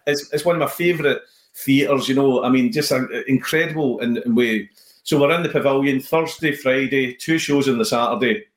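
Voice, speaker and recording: A Scottish man, a comedian and guest, chatting casually and telling animated stories with many restarts. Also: medium pitch, moderate pace. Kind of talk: casual chat. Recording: roomy echo.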